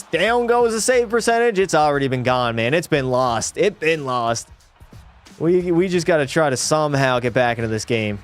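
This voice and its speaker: A young man streaming a hockey video game, commentating live and swinging into frustrated yelling at bad plays. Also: a little high. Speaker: gaming streamer.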